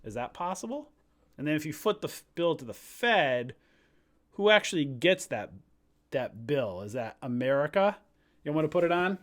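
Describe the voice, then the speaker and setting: A man's voice: on the high side, very animated, normal speed, fairly bright tone. Chatty man hosting a trading stream. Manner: chatty, jokey, rambling, laughs easily. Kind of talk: casual live-stream commentary.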